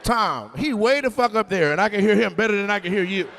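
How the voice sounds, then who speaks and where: A brash comedian working the crowd, with a high, lively voice that leaps up and down. His profane teasing comes in loud bursts, with faint room noise behind him. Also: quick pace, vocal fry. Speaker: stand-up comedian. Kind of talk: stand-up crowd work. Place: live comedy venue with audience.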